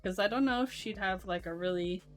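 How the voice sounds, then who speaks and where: A young woman streaming, chatting casually while she builds a keyboard, in a voice she calls monotone and with frequent laughter. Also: mid-range voice, fairly quick, soft background music. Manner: self-described monotone voice, laughs often.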